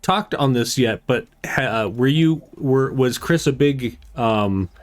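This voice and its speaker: A man's voice: mid-range voice, slow pace. A man hosting and running a tabletop game, easygoing and prompting the players. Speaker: game master, host.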